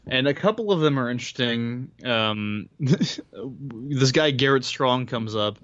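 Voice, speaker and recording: A man's voice: mid-range voice, animated, a little slow, a bit bright, dry recording, highs cut off. A man co-hosting a podcast, chatting casually and rambling with frequent laughs. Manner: laid-back, rambling, laughs often. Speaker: podcast co-host. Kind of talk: casual book discussion chat.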